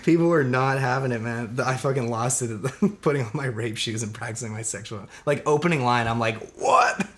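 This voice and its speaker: A man's voice: mid-range voice, brisk, few pauses. A young man co-hosting a podcast in casual chat, rambling with lots of fillers, swearing and laughing often. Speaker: podcast co-host.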